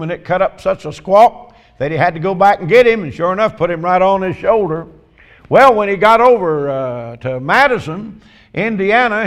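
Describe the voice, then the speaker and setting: A man delivers a sermon in a fairly high voice. He opens with folksy, joking stories, then turns to scripture and leans on slow, emphatic questions. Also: fairly bright tone. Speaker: preacher.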